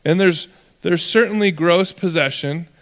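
A male pastor preaching a sermon in a relaxed, conversational storytelling way, often acting out the voices of people in his stories. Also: sits high, a little slow, big-room sound.

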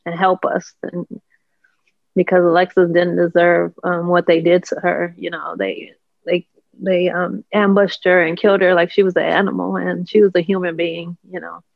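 A grieving relative of a crime victim, pleading softly for the public's help. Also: mid-range voice, flat delivery, normal speed, creaky, no echo, lo-fi sound. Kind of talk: emotional interview plea.

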